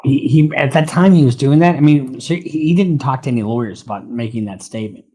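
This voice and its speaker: A man, a lawyer guest, talking things through in a measured, mildly exasperated way. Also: medium pitch, dark tone, breathy edge. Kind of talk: casual podcast chat.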